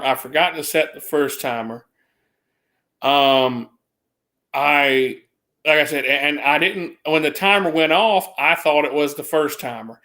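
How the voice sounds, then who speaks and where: A man with a drawl tells a meandering story in a casual chat, his voice sitting somewhat high. He restarts his sentences often and jumps his pitch up to imitate other people. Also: pushed and bright. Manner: rambling, restarts, mimics others with a raised voice.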